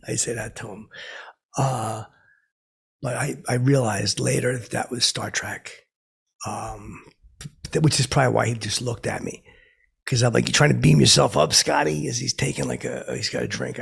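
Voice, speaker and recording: Casting note: a man playing a washed-up DJ, very gravelly and raspy, rambling and oblivious. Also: medium pitch, exaggerated voice. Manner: rambling, self-interrupting, stammering repeats. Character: boastful washed-up male radio DJ, oblivious. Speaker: comedy podcast host playing a character. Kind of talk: rambling comic storytelling.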